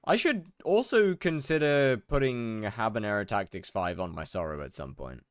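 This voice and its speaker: A man's voice: lowish voice, sing-song, moderate pace, smooth, no room sound, studio quality. A young man streaming a game live, chatting casually and greeting viewers by name as he rambles. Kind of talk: casual live-stream chat while gaming.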